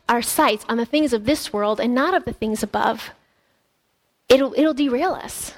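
A woman pastor preaching a sermon in an earnest, conversational way, often restarting her sentences. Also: fairly high pitch.

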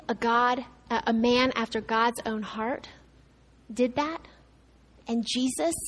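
A woman pastor delivers a sermon with a fairly high, clear voice. She preaches conversationally, with asides and restarts. Her delivery swings from raised, emphatic lines to soft, hushed ones.

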